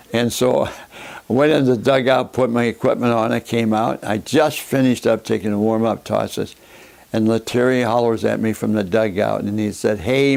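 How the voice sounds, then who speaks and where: An older man, a former catcher, recalling his playing days in an unhurried storytelling way with plenty of fillers. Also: fairly low pitch, darkish tone. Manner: gravelly, unhurried, with many uh fillers. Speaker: former baseball catcher interviewee. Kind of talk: storytelling reminiscence.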